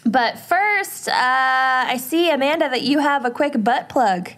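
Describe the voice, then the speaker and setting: A woman's voice: sits high, animated, unhurried, a bit bright. A woman co-hosting a podcast, opening the show and trading playful banter with her friends. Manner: playful and easygoing. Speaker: podcast co-host. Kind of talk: casual chat, show intro.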